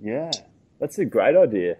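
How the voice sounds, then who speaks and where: Husky male host, mid-pitched, brief and keen. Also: big pitch swings, unhurried, mellow, highs cut off. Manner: brief, enthusiastic reactions. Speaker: podcast host. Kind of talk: interview chat.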